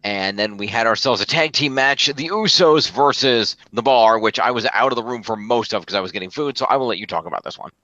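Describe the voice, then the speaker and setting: A man recaps a wrestling show in casual podcast chat. His voice is bright and forward. The recording is dry and a little dull. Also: mid-range voice, a little fast, few pauses, dry recording. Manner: recaps results, fillers and restarts. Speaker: podcast co-host.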